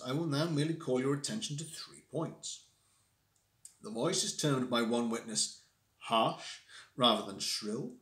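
A man voicing a cool, analytical gentleman detective who reasons aloud in a measured, lecturing manner, read from a classic story on a livestream. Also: mid-range voice, lightly acted. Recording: roomy echo.

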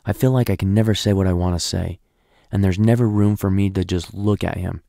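A man's voice: low voice, steady tone, vocal fry, dark tone, no room sound, clean studio sound. A man voicing an anxious wife who keeps fretting and questioning herself. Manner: rapid, fretful self-questioning.

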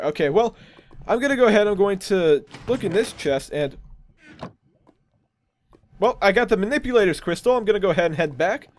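A man hosting a gaming video, giving casual commentary in an excitable, jokey way and laughing at his own bad puns. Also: a little high.

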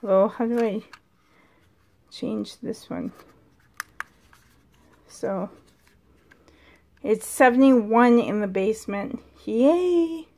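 A woman vlogging casually from a dim room at home, chatty and excitable, sometimes dropping to a whisper, filmed on a handheld camera. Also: mid-range voice, takes it slowly, long pauses. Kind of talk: casual vlog chat.

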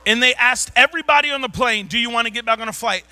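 High-pitched guy pastor yelling and laughing thru a church sermon story, super bright sharp voice. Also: fast. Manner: animated, shouting, laughing storyteller.

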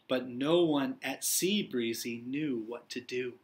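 A young man, a teacher, reading a picture book aloud to young children in an encouraging, expressive way. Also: mid-range voice, slow, few pauses.

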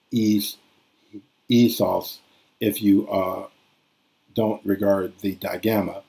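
A man giving a recorded grammar lecture, thinking aloud with hesitations and restarts, and reading passages slowly and carefully. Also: lowish voice, mellow, breathy edge, low-quality recording. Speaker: classics lecturer.

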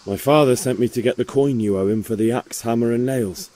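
A man's voice: mid-range voice, brisk, dark tone, slight background noise, natural voice. An actor playing a young man sent to collect his father's debt, speaking bluntly and matter-of-factly. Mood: firm.

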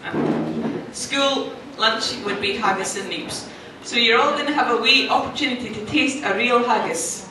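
A Scottish woman hosting a supper, reciting verse slowly and theatrically, then chatting to the diners. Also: fairly high pitch, very animated, background noise. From Scotland. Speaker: host. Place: restaurant hall with diners. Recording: echoey room, far mic, crowd.

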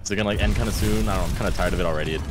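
A man's voice: low-pitched, rapid-fire, noisy background. A man in casual voice chat while gaming, blunt and teasing.

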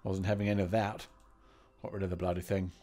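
A man playing a pompous, boastful old English gentleman, grumbling through a game. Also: deep voice, level tone, fast. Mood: gruff banter. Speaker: game player. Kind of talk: comedic let's-play banter.

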